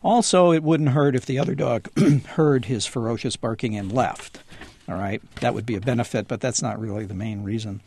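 Gravelly-voiced man giving call-in dog advice. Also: mid-range voice, normal speed, a little mellow, slight background noise. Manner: easygoing, acts out dog owners in voices. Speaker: dog trainer guest.

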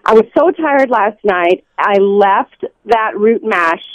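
A woman calling in to a radio show, chatty and excited. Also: mid-range voice, takes it slowly, no echo. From Southern United States. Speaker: caller. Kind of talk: phone-in chat. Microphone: telephone. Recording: dull phone line.

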